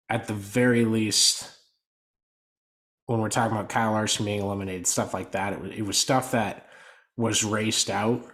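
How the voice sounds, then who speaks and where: A man co-hosting a casual motorsport podcast. He talks in an animated way and his volume swings up and down. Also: on the low side. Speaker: podcast co-host. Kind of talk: casual sports podcast chat.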